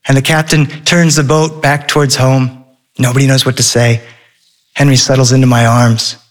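A middle-aged man telling a wry, animated story on stage, acting out the voices of the people in it. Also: medium pitch, normal speed. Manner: wry, animated, acts out quotes.

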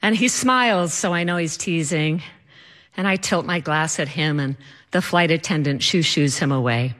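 A woman telling a personal story with animated, comic timing. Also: deep voice, normal speed.

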